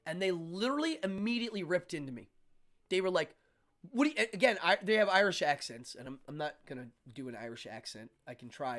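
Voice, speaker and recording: A man's voice: sits high, fast talker. A man, host of a talk show, casually telling a personal story and acting out the people in it. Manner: animated, acts out yelling voices in his story. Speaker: podcast host.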